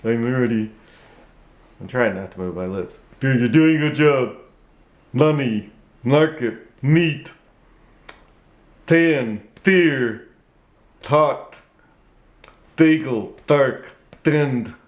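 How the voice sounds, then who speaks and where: A man's voice: mid-range voice, lively intonation, moderate pace, a little mellow, close to an everyday voice. A man voicing a pushy middle-aged male landlord puppet, talking through still lips with a slightly muffled sound, in an echoey room. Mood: careful.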